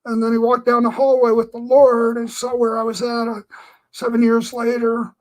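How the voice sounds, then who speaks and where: A man's voice: very high-pitched, completely flat delivery, moderate pace, low-quality recording. A man giving an earnest personal testimony, telling his story in a meandering way with lots of filler phrases. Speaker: Christian speaker.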